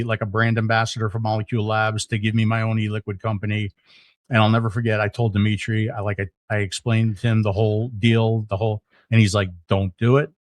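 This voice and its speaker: The same kind of middle-aged guest, his voice on the low side and free of room sound, animatedly relates a story on a podcast in casual talk, stumbling through frequent restarts and filler words.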